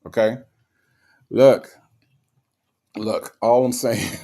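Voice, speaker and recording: Brief: male channel host, mocking commentary, mid-pitched, hammers words by repeating them. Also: lively intonation, unhurried, pauses often, a little mellow.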